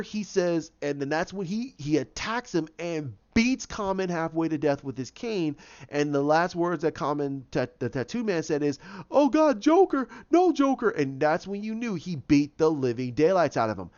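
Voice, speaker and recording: A man's voice: a little high, expressive, moderate pace. A man giving his casual opinions, rambling with frequent restarts and acting out quotes. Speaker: video host giving opinions. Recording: dull lo-fi recording.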